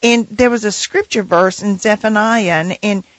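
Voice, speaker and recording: A woman speaks in a close, dry studio sound, sharing a personal faith story on a Christian radio show. Her voice sits in a middle pitch, and she talks earnestly and reflectively. She slows down when she reads scripture aloud. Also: dry recording, poor audio. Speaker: co-host of a Christian radio program. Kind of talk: personal testimony, sharing devotional reading.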